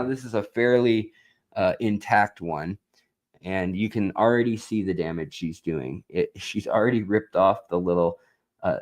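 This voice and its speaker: A man hosting a live stream in casual chat, rambling and slow, now and then talking baby talk to his cat. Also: on the low side, poor audio.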